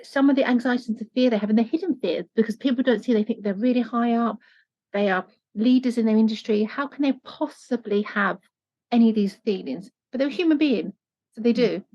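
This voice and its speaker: A woman's voice: fairly high pitch, fairly quick. Earnest woman coach, lo-fi sound. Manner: earnest, animated when quoting. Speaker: life coach guest. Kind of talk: conversational interview. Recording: dull lo-fi sound.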